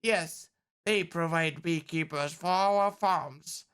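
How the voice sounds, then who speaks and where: A defensive male honey company boss, answered in a slow and careful way by a woman reading the lines aloud. Her voice is a little low and smooth, with plain script reading and no strong put-on character. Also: fairly bright tone. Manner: plain read-aloud delivery.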